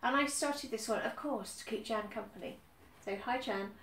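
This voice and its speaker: A woman's voice: fairly high pitch, moderate pace. A woman from the UK chatting casually about her stitching, with frequent ums and repeated phrases. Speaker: cross-stitch vlogger. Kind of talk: casual chat. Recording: roomy echo, somewhat far from mic, faint background noise.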